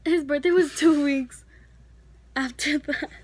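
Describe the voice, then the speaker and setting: A woman's voice: high voice, steady tone, takes it slowly. A teenage girl casually telling a story, chatty and full of fillers. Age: teens. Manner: chatty, filler-heavy, many likes. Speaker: vlogger.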